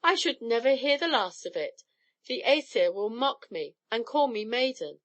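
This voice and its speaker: A furious, mighty thunder god, as a woman reader puts him on, roaring and indignant. The voice is pitched a little high and loud. He belongs to a storybook reading. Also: animated, moderate pace, no room sound. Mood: outraged.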